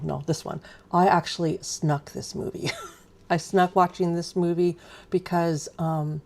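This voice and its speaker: Chatty woman in her fifties with gravelly voice. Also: lowish voice, darkish tone. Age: 50s. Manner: chatty, rambling, self-deprecating, many ums. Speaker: craft live stream host. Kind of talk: casual live stream chat.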